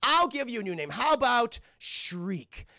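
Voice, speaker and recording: A man voicing a cold, scheming middle-aged tycoon who talks low, slow and persuasive. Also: big pitch swings, bright, forceful tone, no echo, studio quality, full character voice.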